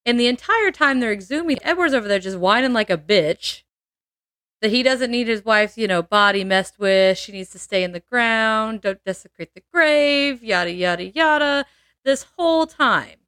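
A woman's voice: on the high side, animated, moderate pace, fairly bright tone, dry recording, clean studio sound. A woman hosting a podcast, telling a true-crime story in casual chat, laughing often and adding playful asides.

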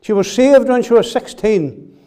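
A male preacher delivers an earnest sermon in a fairly high voice with a soft, warm tone. He repeats his key phrases and presses the listeners with direct questions. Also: expressive, a little slow, smooth.

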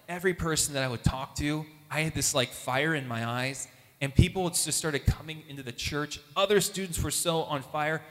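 Speaking at a Catholic gathering, a man animatedly recounts a faith testimony, voicing each character with large pitch leaps. The hall leaves a long reverb.

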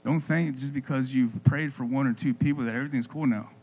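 A man preaching a sermon with passion, repeating words as he builds a point and dropping his voice low and soft for effect. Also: fairly even intonation, brisk, husky, low-quality recording.

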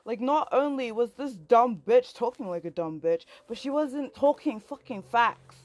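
Young adult woman, casual rant; swears freely, rambles, gets louder as she gets worked up. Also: fairly high pitch, lively intonation, measured pace. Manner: heated, profane, rambling, filler-heavy. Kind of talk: angry personal rant to a friend.

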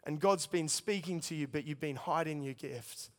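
Young male preacher, storytelling testimony, smooth and resonant, big reverberant hall. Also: a little high, moderate pace. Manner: storytelling, earnest, addresses listeners as guys. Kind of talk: sermon testimony.

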